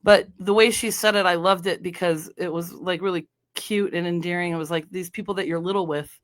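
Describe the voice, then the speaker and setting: A woman from North Dakota hosts her own podcast, chatting on her own. She rambles along casually, restarting sentences and filling pauses with ums and you-knows. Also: on the low side, fairly even intonation. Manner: chatty, meandering, many fillers and restarts. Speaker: podcast host. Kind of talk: casual solo podcast chat.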